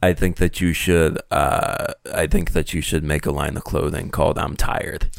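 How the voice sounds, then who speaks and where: A man's voice: a bass voice, steady tone, moderate pace, creaky, no room sound. A man co-hosting a casual podcast, teasing and cracking jokes at his friend. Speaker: podcast co-host. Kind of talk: casual comedic chat.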